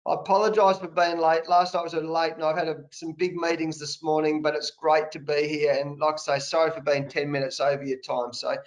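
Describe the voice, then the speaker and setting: Hoarse Australian man in his fifties. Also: a little high, brisk, few pauses, rough recording. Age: 50s. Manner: animated anecdotes with colloquial slang. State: sore throat. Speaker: guest, national cricket coach. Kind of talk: conversational storytelling.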